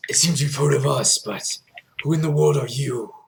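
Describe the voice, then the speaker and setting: A man's voice: medium pitch, creaky, slight background noise. A man playing a tabletop game who talks in a hesitant way. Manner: slow, hesitant. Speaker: player.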